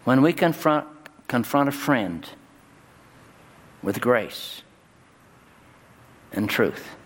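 A male pastor delivering a sermon in a church, his voice jumping high and loud on key words. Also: expressive, extremely slow, husky. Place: church sanctuary. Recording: long hall reverb, faint ambience.

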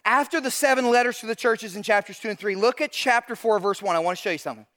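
A middle-aged man with a high voice preaches a sermon. He tells stories in an animated way and talks straight to the congregation in front of him. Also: quick pace. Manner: animated storytelling, addresses audience directly. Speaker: pastor.

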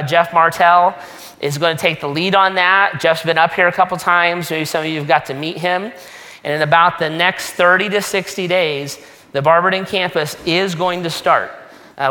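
A male pastor speaking to his church in an easygoing, joking way. His voice is bright and sits a little high. It carries a long reverb from a large church hall. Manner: casual, joking, conversational preaching. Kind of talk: sermon announcements. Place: church sanctuary.

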